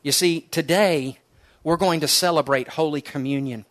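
Earnest preacher man, slightly high voice. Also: normal speed. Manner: earnest storytelling preacher, dropping to soft, hushed tones for emphasis. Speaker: pastor. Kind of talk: sermon.

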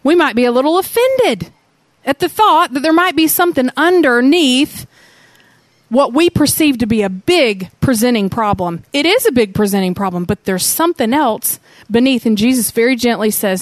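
Woman preacher, high voice, storytelling, keeps asking the crowd questions, dry sound. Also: moderate pace, dry recording. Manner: animated storytelling with rhetorical questions. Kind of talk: sermon.

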